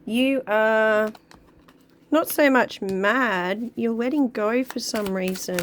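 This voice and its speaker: A woman giving a casual, chatty tarot card reading to her viewers, talking at an easy, drawn-out pace. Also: a little high, slight background noise. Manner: chatty, drawn-out, sings song lyrics along. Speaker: tarot reader.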